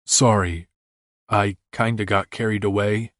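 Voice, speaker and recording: A man's voice: on the low side, steady tone, measured pace, a bit bright, no echo, clean studio sound. A man voicing a playful, curious young man who teases his partner. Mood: awkward. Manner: teasing, curious.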